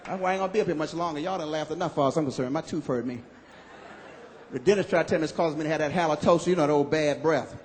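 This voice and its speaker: A man performing a stand-up comedy routine on stage, animated and loud on his punchlines, acting out other people's voices. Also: a little high, rapid-fire. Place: comedy club stage with live audience. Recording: live hall recording with audience.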